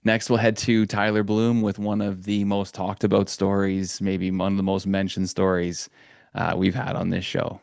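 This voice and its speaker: Gravelly host with a low voice. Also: male voice, monotone, normal speed, darkish tone, no echo, clean studio sound. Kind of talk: introducing segments.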